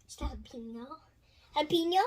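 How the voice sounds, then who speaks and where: A woman doing a squeaky goofy challenge vlogger. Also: background noise, lightly acted. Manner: goofy, drawn-out, shrill. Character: silly squeaky snack-challenge vlogger with an odd accent.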